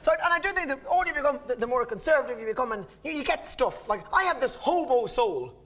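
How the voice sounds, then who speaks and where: A man's voice: extremely high pitch, expressive, quick pace, a bit bright. A man in his thirties with an Irish accent, performing live stand-up on stage, telling stories in a rambling, self-interrupting way. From Ireland. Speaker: stand-up comedian. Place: stage in a live comedy venue.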